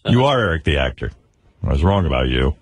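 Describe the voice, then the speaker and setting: Brief: male radio host, animated swooping delivery, teasing banter, dry studio sound, slightly husky. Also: extremely low pitch, dry recording. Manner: teasing, animated and quick to laugh.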